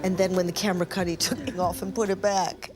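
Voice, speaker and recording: A woman's voice: fairly low pitch, little pitch movement, fast talker, over loud music. An older woman presenter looking back on her past interviews, candid, wry and self-mocking, in a reflective documentary narration.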